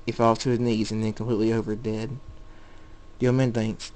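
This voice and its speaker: A man reading his own fan story aloud in a plain, halting way with small restarts. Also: fairly low pitch, flat delivery, darkish tone, low-quality recording.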